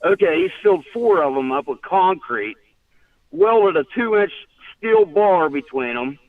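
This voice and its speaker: A man's voice: on the high side, expressive, a little slow, dry recording, distant mic. A man calling in to tell a story in casual chat, rambling with restarts and laughing often. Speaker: caller. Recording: tinny phone line.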